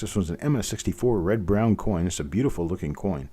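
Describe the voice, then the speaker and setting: Middle-aged male auctioneer host, low mellow voice, easygoing jokes, steady bid calling. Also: fast, breathy edge. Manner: joking, patient, repeats bids in a steady calling rhythm. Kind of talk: live online coin auction, chatty.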